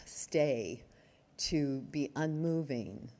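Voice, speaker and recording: Older female yoga teacher, slow and husky, gently explanatory. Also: low voice. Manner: calm, explanatory, asks the audience questions. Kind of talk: workshop lecture. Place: retreat workshop room.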